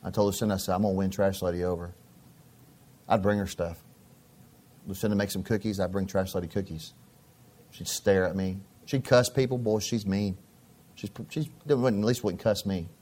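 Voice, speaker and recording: A man's voice: lowish voice, steady tone, moderate pace, darkish tone. A middle-aged man preaching a sermon as a pastor, telling stories in a conversational way and often repeating his phrases.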